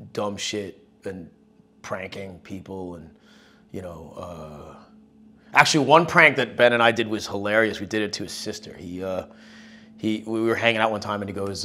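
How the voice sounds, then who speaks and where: A musician telling stories in a casual interview, rambling and profane, with lots of fillers. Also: male voice, on the low side, fairly bright tone. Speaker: musician guest.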